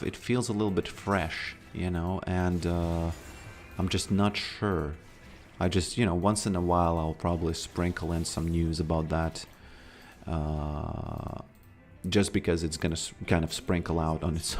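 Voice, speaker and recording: Low-voiced Latvian man, rambling streamer chat. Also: steady tone, unhurried, darkish tone. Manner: rambling, many fillers and restarts. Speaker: gaming streamer. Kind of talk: casual live-stream chat while playing.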